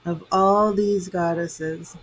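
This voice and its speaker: A woman's voice: on the low side, steady tone, takes it slowly, husky, rough recording. A woman reading tarot on a live stream, chatting with viewers in an emotional, rambling way with lots of fillers, tearful at times. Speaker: tarot reader and psychic medium.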